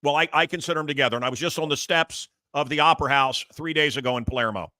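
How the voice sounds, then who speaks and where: A man's voice: fairly high pitch, very fast, bright, forceful tone, dry recording, clean studio sound. A man hosting a talk show, chatting casually in a rambling, emphatic way with many restarts. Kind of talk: casual interview chat.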